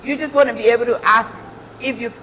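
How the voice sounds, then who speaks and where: A woman's voice: fairly high pitch, fairly even intonation, fast, a little hiss or hum. A middle-aged woman giving an earnest, encouraging motivational talk as a guest speaker. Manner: earnest, encouraging, warm advice. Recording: reverberant hall.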